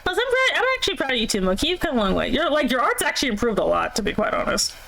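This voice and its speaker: A woman streamer chats casually over a voice call, her voice sitting a little high. She rambles and fills her talk with fillers, laughing often along the way. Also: sing-song, racing, pushed and bright, poor audio. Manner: giggly, rambling, lots of fillers. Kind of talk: casual chat on a livestream. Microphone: voice chat call.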